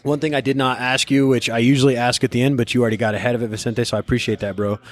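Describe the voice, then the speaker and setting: A man's voice: medium pitch, little pitch movement. Slangy young podcast host, man. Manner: eager, slangy, lots of quick agreements. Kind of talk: casual interview chat.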